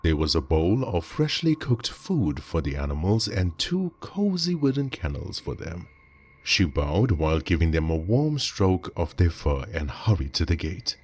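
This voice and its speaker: A man reading a scripted horror story in a measured, dramatic way. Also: very deep voice, slightly rough.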